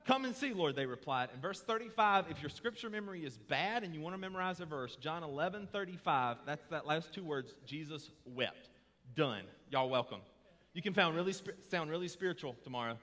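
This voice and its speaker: A man's voice: fairly high pitch, lively intonation, fairly quick, a bit bright. A man preaching a sermon in a church, moving from casual asides to impassioned emphasis. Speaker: pastor. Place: church sanctuary. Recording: long hall reverb.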